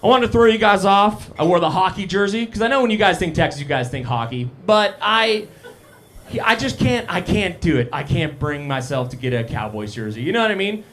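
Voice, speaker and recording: A young stand-up comedian performs live on a comedy cafe stage, bantering casually with the audience and making fun of himself. His voice is high, expressive, and fairly bright, and he speaks briskly.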